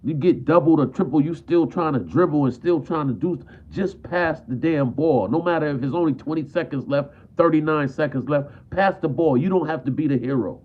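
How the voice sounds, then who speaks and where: A man's voice: fairly high pitch, fairly quick, hardly any pauses. Frustrated man ranting over a tinny line. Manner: frustrated, repetitive, peppers talk with "man". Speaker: basketball fan streamer. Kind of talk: live stream sports rant. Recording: tinny phone-like audio.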